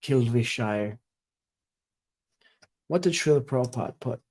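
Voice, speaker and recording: A man's voice: mid-range voice, lively intonation, darkish tone. Man reading scripture, then checking wording. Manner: careful, pauses to check wording and pronunciation. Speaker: scripture reader and editor. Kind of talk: reading scripture aloud, then casual editing talk.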